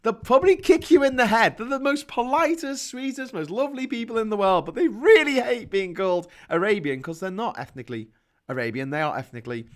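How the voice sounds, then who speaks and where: Chatty man with a slightly high voice. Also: a little fast. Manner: chatty and animated, with mocking asides. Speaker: host. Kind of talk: casual chat, reading comments.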